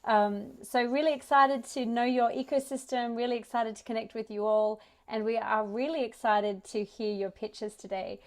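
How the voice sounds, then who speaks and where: An Australian woman hosting a startup pitch event, giving an enthusiastic welcome speech. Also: steady tone, moderate pace, hardly any pauses, a little mellow. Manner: upbeat, enthusiastic. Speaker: event host.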